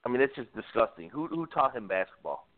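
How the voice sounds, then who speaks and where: A man's voice: medium pitch, sing-song, fast, crowd noise. A man co-hosting a sports podcast, giving blunt, emphatic opinions in casual chat. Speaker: podcast co-host. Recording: phone-like dry line.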